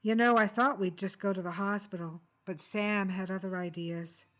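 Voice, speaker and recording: A woman reading the lines of a guarded, cornered housewife who answers in terse, flat, reluctant replies. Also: medium pitch, moderate pace, natural voice. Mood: flat confession.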